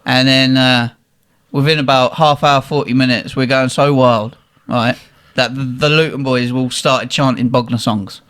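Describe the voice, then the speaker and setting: A young man, animated and swearing as he tells a funny story in casual chat. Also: mid-range voice, moderate pace, clean tone. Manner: animated, swearing, laughing at his own story. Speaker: guest telling a story.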